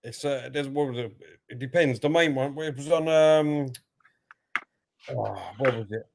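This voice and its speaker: Relaxed East London man reading chat. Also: medium pitch, unhurried, gravelly, slight background noise. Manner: chatty, relaxed, thanks viewers and retells comedy bits. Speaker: co-host reading viewer comments on a fan live stream. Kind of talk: casual chat.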